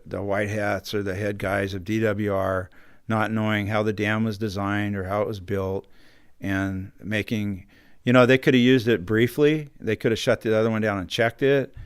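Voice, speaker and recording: In a radio studio, a middle-aged county supervisor earnestly recounts a personal story as an interview guest, acting out the phone calls he quotes. His voice is fairly low and clean, with no room sound.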